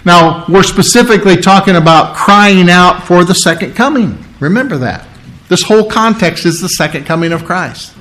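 A pastor preaching a sermon, emphatic and conversational, slowing down to read scripture and repeating key phrases. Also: male voice, sits high, a bit bright, low-quality recording. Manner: conversational, with frequent restarts and throat clearing.

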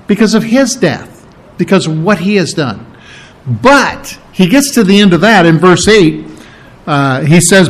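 A man preaching a sermon, working verse by verse through scripture, repeating key phrases and asking rhetorical questions. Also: high-pitched.

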